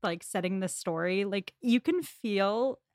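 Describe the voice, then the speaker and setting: A woman's voice: medium pitch, measured pace, darkish tone, no echo, clean studio sound. Chatty laughing woman guest. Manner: chatty, laughs often, fond asides. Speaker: podcast guest. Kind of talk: casual chat.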